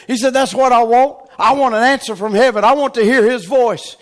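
A man preaching a revival sermon, swinging from shouted exhortation to hushed, near-whispered tenderness. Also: high voice, lively intonation, brisk, hardly any pauses.

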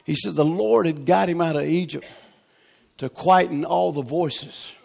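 A man preaching a revival sermon, swinging from shouted exhortation to hushed, near-whispered tenderness. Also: a little high, unhurried, creaky.

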